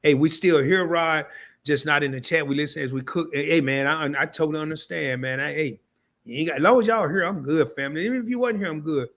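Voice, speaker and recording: He's on the high side and talks quickly, addressing his chat directly during a casual live stream. Excitement makes him repeat phrases and restart again and again.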